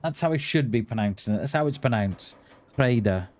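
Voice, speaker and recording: A man's voice: mid-range voice, expressive, quick pace, a little mellow. A middle-aged man chatting casually to viewers while streaming a game, calling them "mate" and often restarting his sentences. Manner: chatty, says "mate" a lot, many restarts. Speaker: livestream gamer. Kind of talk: casual livestream chat. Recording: faint background noise and clicks.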